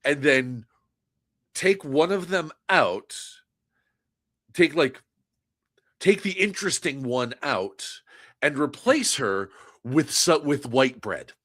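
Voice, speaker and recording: A man's voice: on the high side, expressive, takes it slowly, pauses often, fairly bright tone. A man co-hosting a wrestling podcast in casual chat, making dry, wry remarks with stammering restarts. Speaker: podcast co-host.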